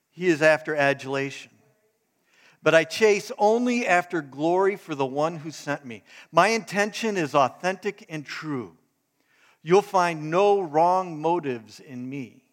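A man reading the words of Jesus aloud in the first person, as a calm, earnest teacher, in a measured reading manner. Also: high voice.

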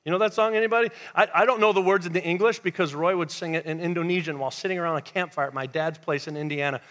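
A male pastor preaching a sermon in church, telling a lively story and dropping to a hush for emphasis. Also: a little high, very fast. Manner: animated storytelling, swings from loud to hushed. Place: church sanctuary.

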